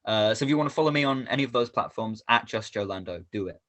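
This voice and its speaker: A man who wrestles professionally answering interview questions, soft-spoken and hesitant with many pauses and ums. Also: fairly low pitch, expressive.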